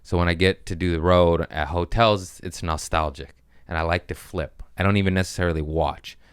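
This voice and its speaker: A man hosts a comedy podcast in a deep, smooth, resonant voice, delivering a loose, rambling rant packed with crude jokes. He keeps a steady tone and brisk pace but punches some lines with sudden bursts of loudness. The sound is dry and close, with no room sound.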